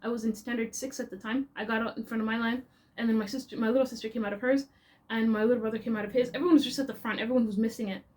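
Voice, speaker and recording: A young woman with a Canadian accent, chatting casually to her viewers. Her voice sits a little high and moves with expressive, animated energy. She tells her story in a relaxed, talkative flow. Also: rapid-fire. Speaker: vlogger.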